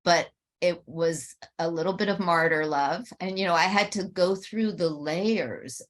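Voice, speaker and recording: An older woman on a podcast, earnestly telling a personal story and getting animated when she quotes people. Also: fairly low pitch, measured pace. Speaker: podcast co-host.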